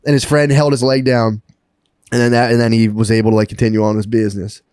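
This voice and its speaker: A man telling a long story on a podcast in a rambling, profane, excitable way. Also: medium pitch, fast talker, clear, resonant tone, no echo, studio quality. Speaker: podcast co-host. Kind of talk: casual storytelling chat.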